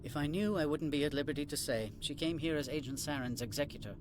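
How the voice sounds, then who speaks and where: Guy voicing a snippy corporate admin in a game, fast clipped talk, noisy background. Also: a little high, lightly acted. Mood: dismissive. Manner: curt, dismissive, condescending. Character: haughty middle-aged male corporate administrator.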